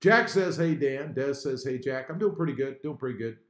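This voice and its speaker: Animated man hosting a live stream. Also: medium pitch, brisk. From Texas. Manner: animated, reads viewer comments aloud. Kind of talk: casual live chat reading comments. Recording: echoey room.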